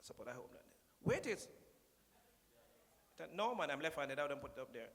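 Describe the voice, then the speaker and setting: Very animated and a bit bright, a mid-range male voice moves at a moderate pace as a Jamaican-accented man jokes with and teases the minister from a conference podium, dropping into patois. A large hall gives the audio a long reverb.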